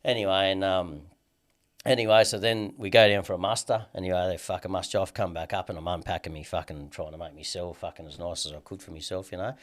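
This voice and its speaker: Rambling, sweary Australian man, low voice. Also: steady tone, quick pace. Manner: rambling, sweary, lots of "you know what I mean". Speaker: guest. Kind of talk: casual storytelling interview.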